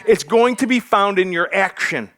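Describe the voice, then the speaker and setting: A man's voice: high-pitched, lively intonation, normal speed, a bit bright. A male pastor preaching a sermon to his church, joking with the congregation as he goes. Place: church sanctuary.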